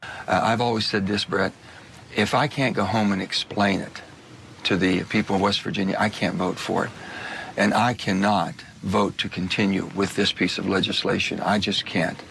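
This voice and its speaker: Deep gravelly man in a TV interview. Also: fairly even intonation, moderate pace, a bit bright, slight background noise. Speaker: politician in a TV interview. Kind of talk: TV news interview answer.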